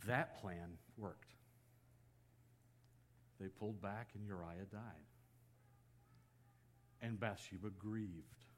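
A man preaching a sermon, retelling a story with lively quoted voices that rise and drop sharply. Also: drawn-out words, long pauses, a little hiss or hum. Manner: storytelling, acting out quoted lines with swings of pitch and loudness. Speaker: pastor.

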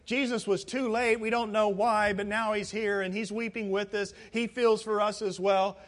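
A man preaching a sermon as pastor, shifting from hushed asides to loud dramatic outbursts. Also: high voice, little pitch movement, normal speed. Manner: dramatic, swings from hushed to shouting. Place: church sanctuary.

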